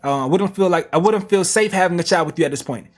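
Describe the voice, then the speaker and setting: A man's voice: high-pitched, fast talker. A man reading text messages aloud on a reaction stream, with slangy asides. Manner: plain reading broken by slang asides and laughs.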